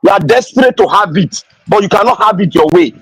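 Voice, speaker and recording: A Nigerian man with a Pidgin-tinged accent repeats his phrases and cuts in during a heated live-stream debate. His voice is high and the sound is dry and close. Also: lively intonation, fast, a bit bright, breathy edge, dry recording, poor audio. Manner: interrupting, emphatic, keeps repeating phrases. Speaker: discussion participant.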